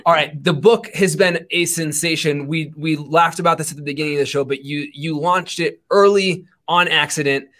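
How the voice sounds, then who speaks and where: A man's voice: fairly high pitch, steady tone, moderate pace, hardly any pauses, sharp tone. A man co-hosting a podcast, enthusiastic, asking long rambling questions. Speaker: podcast co-host. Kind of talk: casual podcast chat.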